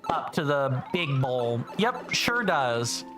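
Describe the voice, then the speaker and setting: A woman's voice: rumbling low, very animated, takes it slowly, music in the background. A woman streamer chatting casually and self-deprecatingly while she plays, often stumbling over words, with some phlegm in her throat. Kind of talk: casual live game commentary.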